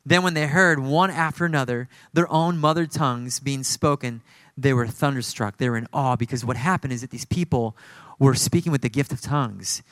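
A man's voice: mid-range voice, brisk, fairly bright tone, no echo. Guy preaching hard, emphatic, repeats himself for effect, dry close sound. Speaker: pastor. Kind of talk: sermon.

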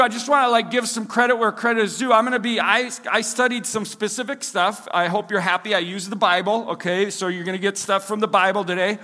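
A man's voice: sits high, fairly even intonation, fast talker, hardly any pauses, sharp tone, big-room sound. A Minnesotan man preaching a sermon as pastor in a casual, chatty way, full of fillers and self-deprecating asides. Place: church service hall.

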